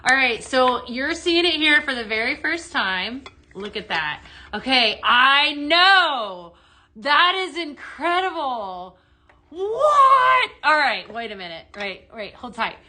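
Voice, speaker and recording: Woman, live sales host, gushing and excited, bright forceful voice, slightly high. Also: rough recording. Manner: excited, gushing, talks straight to viewers. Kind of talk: chatty live product demo. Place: indoors, dimmed room.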